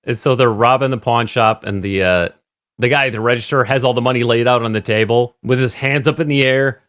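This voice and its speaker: A man's voice: mid-range voice, brisk, fairly bright tone. A man co-hosting a casual movie discussion podcast, retelling scenes with quoted voices and frequent laughter. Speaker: podcast co-host.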